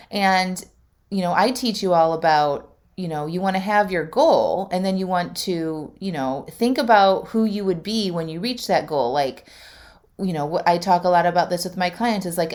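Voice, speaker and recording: Middle-aged lady life coach rambling through a story on her podcast, lowish voice, lots of likes and you knows. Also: darkish tone. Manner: chatty, emotional, lots of "like" and "you know". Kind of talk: casual storytelling monologue.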